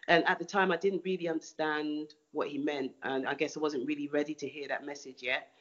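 A woman's voice: sits low, steady tone, brisk, muffled recording. A woman artist answering interview questions thoughtfully, often restarting and repeating words.

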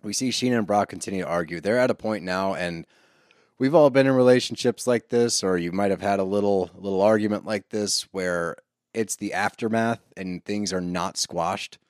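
A man hosting a casual reality-TV recap podcast, talking in an animated, sarcastic way and swearing freely. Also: low voice, moderate pace, dry recording, studio quality. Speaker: podcast host.

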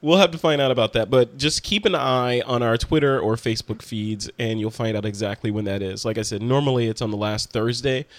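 A man of middle pitch hosts a podcast in a casual, upbeat way, closing the show with announcements. His voice sounds dry and close, with no room around it. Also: brisk, hardly any pauses, no echo. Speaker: podcast host.

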